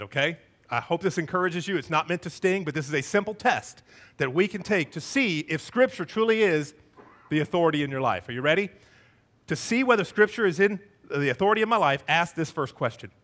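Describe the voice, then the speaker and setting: A middle-aged man preaching a sermon as a church pastor, animated, acting out quoted voices with wide swings in pitch. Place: church sanctuary.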